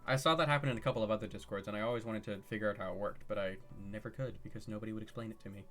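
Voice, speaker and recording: A man streaming live, chatting casually with his viewers in an excitable way, laughing often and firing off questions. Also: fairly low pitch, very fast, soft background music.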